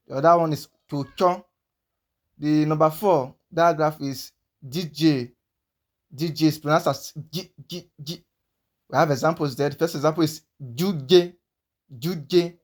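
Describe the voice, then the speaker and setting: A man with a somewhat high-pitched voice gives a language lesson. He goes through the sounds one at a time and says each example word slowly, again and again, so it can be heard clearly. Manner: slow, repeats each sound several times. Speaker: language teacher.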